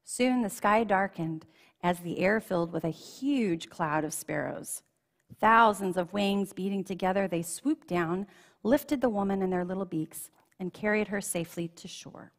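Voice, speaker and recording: A woman's voice: mid-range voice, a little slow, big-room sound. A woman reading a children's storybook aloud in a church, telling it expressively and lingering on key phrases. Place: church sanctuary.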